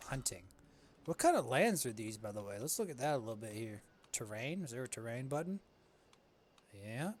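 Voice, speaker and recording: Young male gamer, mid pitch, slangy and joking, casual play-by-play, says "bro" a lot. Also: big pitch swings, moderate pace. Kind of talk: casual gameplay commentary.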